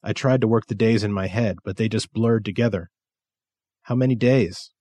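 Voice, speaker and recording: Casting: male narrator, low voice, dry close sound, steady measured story reading. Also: no room sound. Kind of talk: scripted narration.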